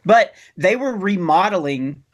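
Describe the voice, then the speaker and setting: A comedian guest in a casual conversation, telling stories with a dry, wry sense of humor. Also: male voice, high voice, expressive, unhurried.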